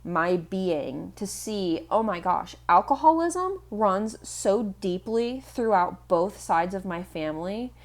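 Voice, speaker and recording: A woman's voice: medium pitch, lively intonation, slow pace, hardly any pauses. A young woman vlogger in earnest, rambling voice-over chat, full of "like" fillers. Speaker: art vlogger.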